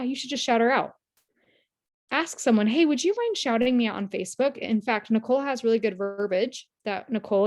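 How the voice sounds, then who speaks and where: A woman's voice: fairly high pitch, darkish tone. A woman team leader giving a casual, earnest motivational talk on a video call, telling stories and acting out quoted lines. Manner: chatty, earnest, storytelling with quoted voices.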